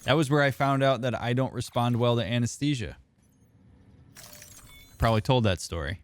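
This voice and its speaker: A man's voice: mid-range voice, moderate pace, a little hiss or hum. A young man, a therapist streaming a game, chatting casually and answering viewers by name. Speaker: therapist streamer reading chat. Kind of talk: casual gaming stream chat.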